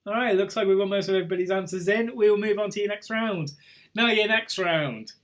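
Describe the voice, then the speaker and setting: Chatty high-voiced quiz host. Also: male voice, brisk. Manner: chatty and teasing, reads out scores and names. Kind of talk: casual online pub quiz hosting.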